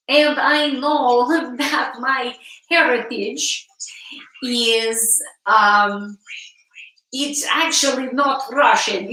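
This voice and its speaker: A woman talks slowly and frankly to her live-stream viewers, laughing often and swearing casually. Her voice is bright and a little high. It sounds distant from the mic, with a roomy echo around it. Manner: giggly, laughs often between phrases.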